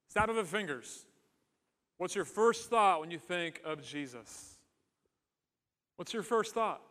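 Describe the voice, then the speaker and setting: A pastor preaching a sermon in an earnest, conversational way, mixing in humor. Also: male voice, high voice, fairly bright tone, long reverb tail.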